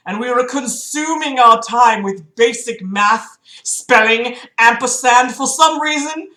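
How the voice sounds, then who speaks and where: A woman's voice: a little high, expressive, a little slow, fairly bright tone. A young woman with a slight cough hosting a casual livestream, chatting, swearing freely and reading a friend's book aloud. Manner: chatty, profane, fretful and giggly. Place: room at home. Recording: echoey home room.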